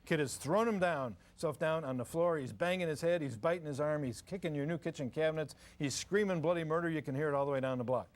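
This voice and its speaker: A man's voice: fairly high pitch, fast, few pauses. An older man giving a folksy, joking parenting seminar to a live audience, acting out parents and kids. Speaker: parenting lecturer. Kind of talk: humorous live seminar talk.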